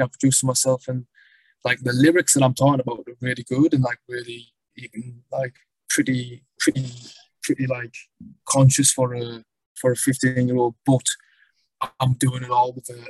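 A young man with a North East English accent tells rambling stories in a relaxed guest chat, swearing casually. His pitch stays flat and even as he talks. The recording is dry and close, with no room sound. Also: no room sound, poor audio. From Sunderland, North East England. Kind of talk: casual conversation.

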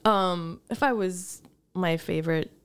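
A woman's voice: lowish voice, a little slow, smooth. A middle-aged woman chatting casually on a podcast, spinning a long rambling story about her touring days. She restarts her sentences often and breaks in with small gasps as she talks. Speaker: podcast guest, musician. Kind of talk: casual chat.

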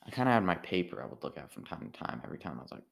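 A tired man with a very deep, gravelly voice talks in a loose, meandering monologue. He stops and restarts often, trailing off and circling back as if thinking aloud. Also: big pitch swings. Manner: meandering, halting, full of restarts and filler. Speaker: amateur stand-up comedian. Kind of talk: rambling casual monologue.

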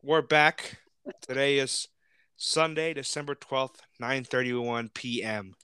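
A man's voice: medium pitch, takes it slowly, a little hiss or hum. A young man, co-hosting a casual chat and telling stories with frequent laughter. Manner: laughs often, animated storytelling. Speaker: podcast co-host.

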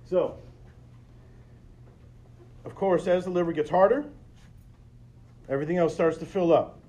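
A man's voice: high-pitched, unhurried, warm tone, dull audio. A middle-aged man hosting a podcast, telling a personal story in an earnest, conversational way and speaking straight to his listeners. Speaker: podcast host.

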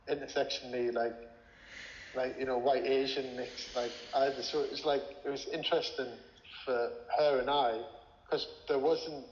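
A man telling a personal story as an interview guest, rambling, swearing and full of filler words. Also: mid-range voice. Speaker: interview guest, former music manager. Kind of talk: casual storytelling. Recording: echoey room with long reverb, dull lo-fi sound.

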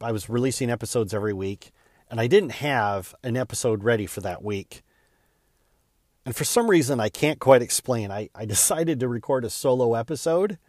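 A man's voice: medium pitch, a little mellow, no echo, studio quality. A man hosting his own podcast, telling a personal story in an earnest, candid way with small stumbles and repeats. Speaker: podcast host.

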